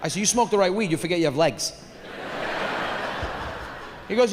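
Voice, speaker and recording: A stand-up comedian with a high, bright-edged voice works a big room, animated and loud on his punchlines. His voice rings with a long hall reverb, and crowd noise sits clearly behind him. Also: normal speed. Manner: animated, shouts punchlines, acts out family members. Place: large theater stage with audience.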